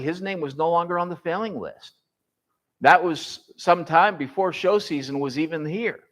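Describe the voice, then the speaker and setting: Folksy man telling a story to a church class. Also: a little high. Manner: folksy anecdotal storytelling, quotes others in lively bursts. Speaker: boys home director speaking at church class.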